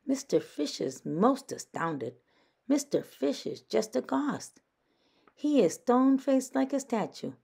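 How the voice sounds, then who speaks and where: A woman reading a children's picture book aloud in a slow, sing-song storytime voice. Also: on the high side, sing-song, vocal fry, warm tone, slightly rough. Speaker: storytime reader.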